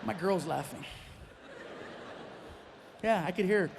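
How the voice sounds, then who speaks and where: A male stand-up comedian telling a story in an animated way and acting out each exchange. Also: high-pitched, measured pace, gravelly, long pauses, noisy background. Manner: animated, acts out every exchange.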